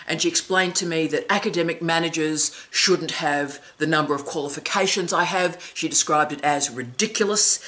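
A woman's voice: low voice, fairly bright tone. A middle-aged woman academic hosting an advice vlog, telling stories emphatically with wry, dry asides.

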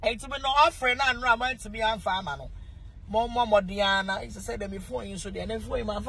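A woman's voice: on the high side, fairly quick, vocal fry, fairly bright tone, a little hiss or hum, rough recording. A Ghanaian woman pastor talking casually on a phone live stream, exclaiming, reading viewer comments aloud and breaking into bits of song.

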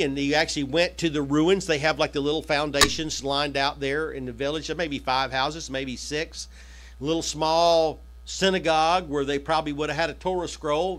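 A male pastor preaching a sermon in a conversational style, swinging from emphatic high peaks down to quiet asides. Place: church hall.

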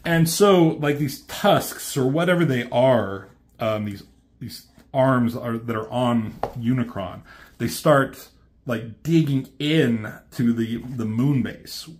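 A man casually retelling a comic's story as a reviewer, chatty and animated. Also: medium pitch, takes it slowly. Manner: animated, chatty, many fillers.

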